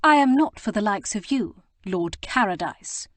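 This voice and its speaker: A woman's voice: medium pitch, animated, a little slow, no room sound. Woman doing a prim, indignant young lady. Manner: indignant, emphatic and proper.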